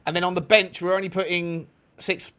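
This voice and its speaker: A man's voice: high-pitched, little pitch movement, fairly quick, pushed and bright, slight background noise. A man hosting a football fan show, chatting casually in an exasperated, joking way with some swearing. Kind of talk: casual chat.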